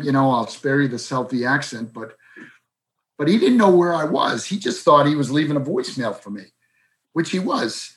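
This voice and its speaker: A middle-aged man from South talks through personal stories as an interview guest. His voice sits a little on the high side for a man. He slips into quick, raised impressions whenever he repeats what his friends told him. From South Boston, USA. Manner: animated, acts out quoted friends in raised voices. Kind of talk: conversational storytelling.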